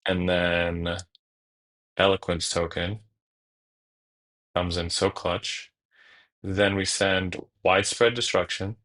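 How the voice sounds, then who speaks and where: A man's voice: low voice, flat delivery, slow pace, pauses often, a bit bright. A young man streaming a card game, thinking aloud in casual, jokey commentary with the odd curse. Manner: thinks aloud, jokey, swears, mutters to himself.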